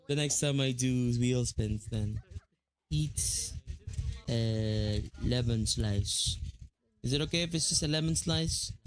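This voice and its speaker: A man with a Filipino accent chatting casually on a live stream, rambling with lots of fillers and restarts. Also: mid-range voice.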